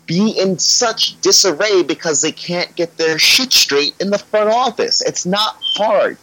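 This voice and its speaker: A man's voice: sits high, fairly bright tone, highs cut off. A man speaking as a guest on a football podcast, talking in a casual, ranty way and swearing when he gets worked up.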